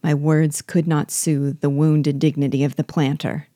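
Low-voiced woman reading a classic novel slowly. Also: flat delivery, mellow, no echo, studio quality. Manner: slow, measured reading. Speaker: reader and teacher.

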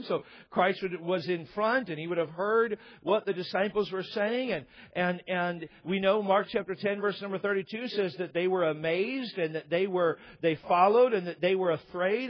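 A passionate male preacher with a high voice delivers an emphatic sermon, often stumbling over repeated words. The sound is dull and lo-fi.

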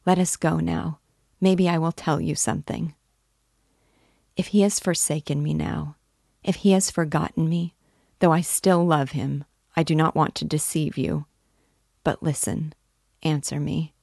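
A woman's voice: low-pitched, steady tone, vocal fry, a little mellow, dry recording, clean studio sound. A woman reading a classic novel aloud, voicing its characters with emotion. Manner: slow, emotive reading of dialogue. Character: Nastenka, tearful young woman. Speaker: reader. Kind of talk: literary audiobook reading.

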